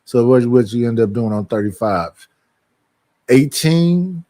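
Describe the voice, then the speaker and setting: A man's voice: medium pitch, expressive, unhurried, mellow, no room sound. A man hosts a casual livestream and talks in a blunt, joking way that is full of swearing. His voice sits in the middle range. The sound is dry and close. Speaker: streamer hosting a group call.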